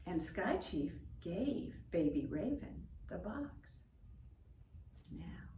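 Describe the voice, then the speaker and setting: A woman telling a folk tale in slow, expressive, drawn-out narration. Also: mid-range voice, slight background noise. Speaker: storyteller. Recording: roomy echo, distant from mic.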